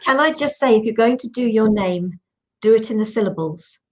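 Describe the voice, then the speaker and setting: A woman guest on a panel discussion, giving gentle, soothing instructions. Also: fairly high pitch, expressive, brisk.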